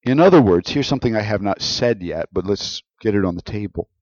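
A man preaching a sermon as a pastor, emphatic, with his voice rising on stressed words and then dropping low. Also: expressive, a little fast, darkish tone, no room sound, highs cut off.

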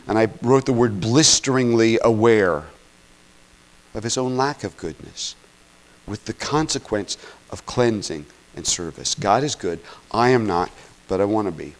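A man preaching a sermon in an earnest teaching tone, often checking in with "okay?" and swinging between loud emphatic peaks and quiet asides. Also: lowish voice, low-quality recording. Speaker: pastor.

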